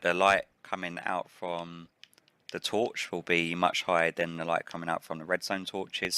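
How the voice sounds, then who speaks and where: A man with a low, clear voice and a bright, forward edge talks through his building in a relaxed, thinking-aloud way. His voice still has a slight early-morning roughness. Keyboard and mouse clicks tick faintly behind him. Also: no echo. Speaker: let's play host. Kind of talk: casual gameplay commentary.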